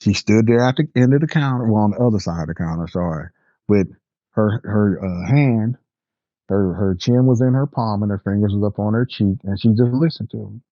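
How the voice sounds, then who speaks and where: A man's voice: lowish voice, fairly quick, mellow, no echo, highs cut off. A man telling a story from his past with emphatic delivery, acting out the dialogue. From Southern US. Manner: emphatic, acts out dialogue with rising indignation. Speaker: storyteller guest. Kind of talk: casual spoken storytelling.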